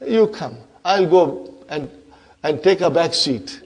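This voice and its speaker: A man's voice: on the high side, animated, takes it slowly, a little mellow, husky, big-room sound, exaggerated voice. A man voicing a mild, yielding grammar particle that steps aside without a fight. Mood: resigned. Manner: mild, giving way.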